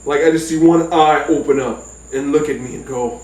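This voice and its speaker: A man telling a personal story in a casual, profane, animated way. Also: normal speed. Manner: animated, profane, jumps into high yelps. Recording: roomy sound from a distant mic.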